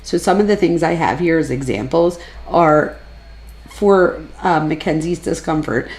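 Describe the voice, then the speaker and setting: A woman's voice: low-pitched, measured pace, a little mellow. A woman giving casual, analytical true crime commentary, chatting freely and lifting her voice when she quotes people.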